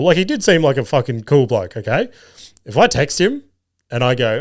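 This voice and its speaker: A man's voice: medium pitch, normal speed. A young Australian man hosting a podcast, telling a casual story with lots of swearing and acted-out dialogue. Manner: animated, swears freely, acts out quoted dialogue. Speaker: podcast host.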